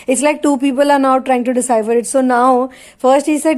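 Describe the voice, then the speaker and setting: A woman's voice: high-pitched, fairly even intonation, fairly quick, darkish tone. A woman giving a spiritual channeling reading as a tarot reader, talking in a rambling way with many asides.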